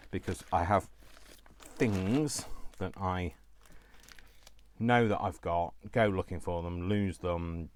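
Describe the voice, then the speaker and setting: Male crafting vlogger, low-pitched, rambling self-talk while sorting supplies, faint background hiss. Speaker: crafting channel host. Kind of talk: casual crafting vlog chat.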